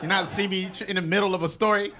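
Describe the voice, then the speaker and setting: A man from Nigeria doing improvised stand-up on a club stage, riffing on crowd shouts with mock anger. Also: high voice, fairly even intonation, rapid-fire. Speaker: stand-up comedian. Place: comedy club stage with live audience. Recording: crowd laughter loud behind.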